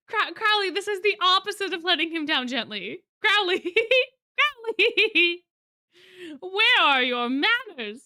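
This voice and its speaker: A young woman streamer reading a game's story aloud and commenting in a giggly, animated, teasing way. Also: extremely high pitch, takes it slowly, dry recording, clean studio sound. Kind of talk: game playthrough reading and commentary.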